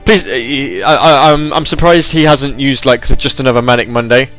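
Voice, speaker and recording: Soft music plays behind a young Brit running an internet radio show, his mid-range voice fairly bright and fairly even in intonation. He talks briskly with few pauses, rambling and mocking himself in casual live chat, and now and then puts on an announcer voice that has his throat aching.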